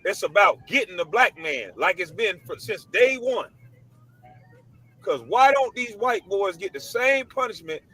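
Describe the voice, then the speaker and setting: High, bright-voiced man ranting emphatically. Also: animated, a little slow, slightly rough, rough recording. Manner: emphatic, preachy, repeats his points; blunt, casual slang. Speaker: online commentator. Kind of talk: ranting monologue to camera. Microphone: computer mic.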